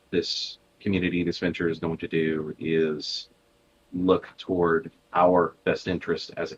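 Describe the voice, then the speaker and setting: A man's voice: low voice, lo-fi sound, a little hiss or hum. A man with a Southern US accent, a podcast co-host talking earnestly in casual chat.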